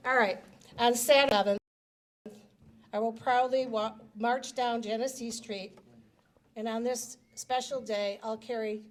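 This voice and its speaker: A woman's voice: on the high side, fairly even intonation, moderate pace, background noise. A woman giving a personal speech at a reception, telling family stories with fillers and light laughter. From United States. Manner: warm storytelling with laughs and fillers, gets emotional.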